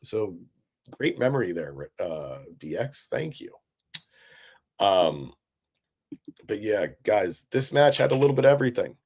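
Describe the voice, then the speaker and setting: A man's voice: on the low side, sing-song, unhurried, pauses often, darkish tone, breathy edge. A man hosting a live-stream recap, talking casually and with enthusiasm, answering chat with lots of fillers. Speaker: wrestling recap host.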